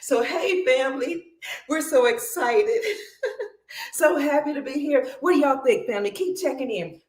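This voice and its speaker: A woman's voice: sits high, animated, moderate pace, reverberant, raised voice. A woman hosting a casual livestream, exuberant, greeting viewers, breaking into song and laughing often. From Cleveland, Ohio. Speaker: livestream host.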